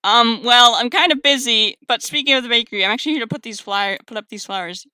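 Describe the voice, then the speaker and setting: A woman streamer playing a dating game, with a bright, sharp tone and a smooth, clear voice. She talks loudly and excitably, with frequent shrieks and laughs of protest. She is recorded on a close desk mic in a dry room. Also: fairly high pitch, fast talker, no room sound. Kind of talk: let's play commentary.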